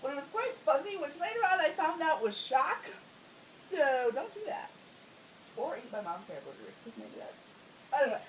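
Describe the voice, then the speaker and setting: Woman, casual comic storytelling, animated, swings up and down, roomy echo, faint hiss. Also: high-pitched, normal speed, distant mic. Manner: animated, laughing often, swearing. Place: home.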